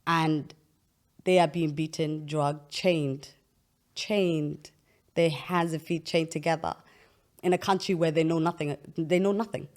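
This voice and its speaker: A young woman with a low-pitched voice talks through a serious subject in a casual interview. She explains at length and earnestly, often restarting her sentences as she goes. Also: steady tone, a little slow, darkish tone. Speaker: podcast host.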